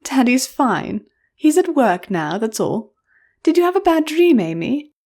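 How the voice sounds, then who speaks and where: A woman's voice: high-pitched, sing-song, unhurried, a little mellow, pitched above the performer's own voice, heavily acted. A woman narrator voicing a kind mother who soothes her frightened little daughter affectionately. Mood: soothing. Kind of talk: audiobook character voice.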